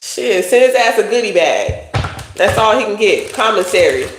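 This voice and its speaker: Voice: medium pitch, sing-song, normal speed, background noise. Blunt, profane tarot reader in a roomy space. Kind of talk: casual livestream tarot reading. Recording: roomy echo.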